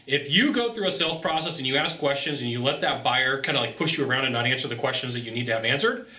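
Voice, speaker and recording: Fast-talking, bright-voiced male sales coach. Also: echoey room. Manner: animated, jokey, jumps into high-pitched acted-out voices. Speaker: sales trainer. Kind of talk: energetic motivational sales coaching monologue.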